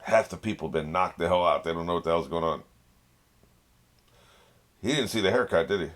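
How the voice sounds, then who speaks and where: On his anime reaction channel, a man chats casually, laughs often and talks back to the screen. His voice is low with a fairly bright tone, and he speaks a little fast.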